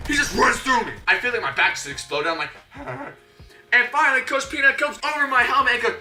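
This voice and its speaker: A young man telling a comedic story, animated and slangy, acting out his own voice and his coaches' voices. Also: extremely high pitch, a little fast. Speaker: YouTuber. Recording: echoey room, a bit distant from the mic, faint music.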